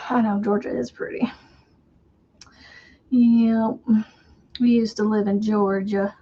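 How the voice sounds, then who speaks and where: A woman's voice: on the high side, little pitch movement, slow, mellow, muffled recording. Chatty woman with a faint Southern accent. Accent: faint Southern American. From American South. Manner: chatty, rambling, laughs often. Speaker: crochet livestream host. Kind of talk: casual livestream chat with viewers.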